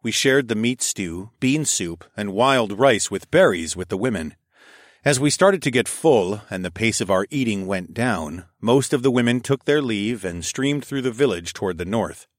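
A man reading a first-person story aloud, expressive and sometimes dropping to a whisper. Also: lowish voice, normal speed, no room sound, clean studio sound. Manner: expressive, shifts into whispers for dialogue. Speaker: audiobook narrator.

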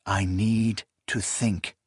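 A man's voice: level tone, extremely slow, slightly rough, dry recording, clean studio sound, heavily acted. Man playing a brooding, guarded scholar. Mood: subdued. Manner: low, subdued, guarded. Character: weary, brooding male scholar. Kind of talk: audiobook character voice.

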